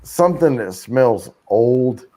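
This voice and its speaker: A man's voice: medium pitch, slight background noise. A man hosting a live stream, chatting casually and loosely with plenty of fillers. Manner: slow, relaxed talk with many fillers. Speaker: livestream host.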